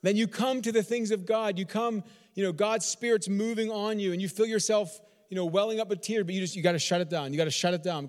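A pastor from Texas preaching a sermon, driving points home with repeated phrases and rhetorical questions. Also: male voice, high-pitched, quick pace, few pauses, big-room sound. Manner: repetitive, emphatic rhetorical questions.

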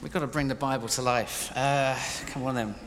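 A man preaching live in a church hall, playful and energetic, directing his congregation as he tells a story. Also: medium pitch, a little fast. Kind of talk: interactive sermon storytelling. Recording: reverberant hall, faint noise.

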